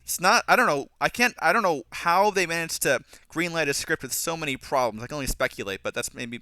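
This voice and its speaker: A young man giving a casual, critical film commentary, animated and mocking characters' lines as he goes. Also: a little high, smooth, no room sound. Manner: animated, mocking voices when quoting characters. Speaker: film reviewer.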